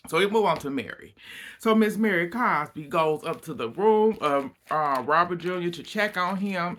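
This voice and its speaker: Slow, bright-voiced man recapping gossip. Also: on the high side. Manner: animated storytelling, acting out quotes, frequent laughter and outbursts. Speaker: reality TV recap reviewer. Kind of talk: casual episode recap.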